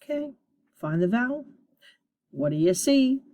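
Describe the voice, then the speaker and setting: A woman's voice: a little high, sing-song, a little slow, dark tone. Upbeat woman teacher sounding out phonics. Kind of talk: recorded phonics lesson for young students.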